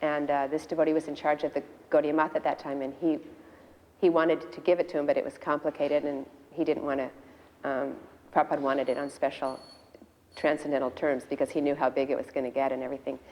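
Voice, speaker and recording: Older woman, lowish mellow voice, chatty storyteller acting out quotes, long room reverb. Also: flat delivery, fast. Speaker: devotee sharing memories. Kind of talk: recounting a personal memory.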